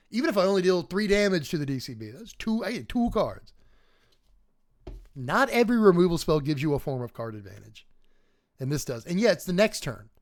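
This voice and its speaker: A man hosting a casual livestream card review, talking animatedly, chuckling often and chatting with his viewers. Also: a little high. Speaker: host.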